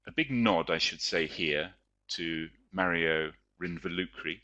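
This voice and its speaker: A man's voice: deep voice, measured pace, sharp tone. A man, a teacher and writer, giving a chatty, explanatory webinar lecture with frequent fillers.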